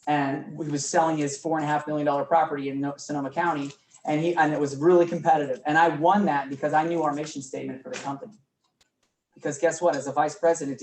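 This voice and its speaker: A man teaching a real estate class, energetic and often quizzing his students. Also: fairly high pitch. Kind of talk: live classroom training talk. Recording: roomy room, mic from far off, faint noise.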